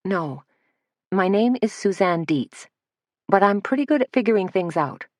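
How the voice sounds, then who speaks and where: A woman voicing a kind, resourceful middle-aged shop owner who talks in a warm, soothing, yet firm way. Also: mid-range voice, animated, moderate pace, no room sound, clean studio sound, voice pushed up, close to an everyday voice. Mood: earnest.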